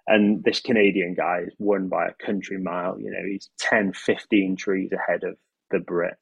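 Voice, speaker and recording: A man telling a long anecdote in casual conversation, animated and acting out sound effects. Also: sits low, normal speed, gravelly, slightly rough, dry recording, dull audio. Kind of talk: casual storytelling chat.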